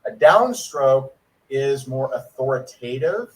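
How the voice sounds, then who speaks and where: In a network marketing training, a man speaks conversationally and acts out sample dialogues with prospects. His medium-pitched voice swings widely in pitch as he goes slowly. The mic is distant and the audio poor.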